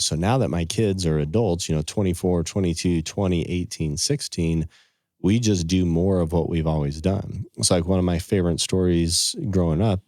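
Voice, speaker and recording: A middle-aged man, a financial advisor, telling personal stories in a relaxed podcast conversation and quoting scripture and sayings earnestly. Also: deep voice, moderate pace, dry recording, clean studio sound. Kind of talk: casual storytelling in conversation.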